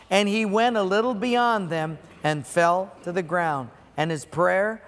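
A man preaching a sermon to a congregation, dramatic, swinging between loud emphasis and quiet, drawn-out words. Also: sits high, animated. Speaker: pastor. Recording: long hall reverb.

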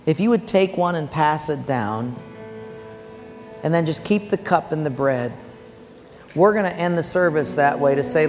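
A male pastor with a slightly high voice, preaching a sermon in a lively storytelling style. He tells personal stories and acts out the voices in them loudly. His voice carries a long reverb from the church hall, with faint music underneath. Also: moderate pace. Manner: animated storytelling with loud acted quotes. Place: church sanctuary.

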